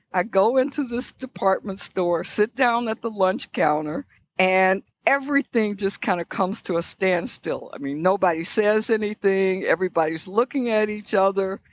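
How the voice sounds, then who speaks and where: A woman's voice: mid-range voice, animated, measured pace, muffled recording. An older woman from Birmingham, Alabama, recalling her past as a guest in an interview, in a reflective storytelling manner. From Birmingham, Alabama, USA.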